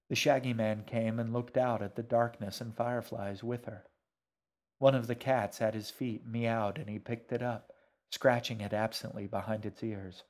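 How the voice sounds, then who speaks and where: A man reading his own novel aloud in calm, measured scripted narration. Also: on the low side.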